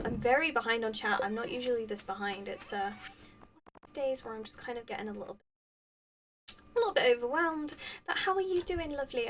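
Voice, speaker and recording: A woman's voice: fairly high pitch, fairly bright tone, recorded from a distance, slight background noise, rough recording. A woman live-streaming a game, chatting casually with viewers and thanking them effusively, rambling with many restarts. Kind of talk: casual chat with live viewers while gaming.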